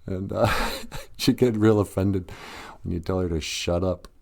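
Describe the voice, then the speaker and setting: A man's voice: low voice, steady tone, measured pace, creaky, darkish tone. A man hosting a podcast in a casual, joking monologue, laughing often and putting on sarcastic voices. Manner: jokey, laughs often, breaks into sung bits; sarcastic, mock voices for quoted people. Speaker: podcast host.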